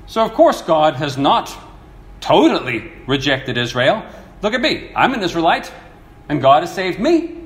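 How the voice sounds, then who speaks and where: A man preaching a sermon, telling a parable and reading verses in an animated, storytelling way, acting out the quoted voices. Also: fairly high pitch. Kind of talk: sermon teaching. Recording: echoey room with faint ambience.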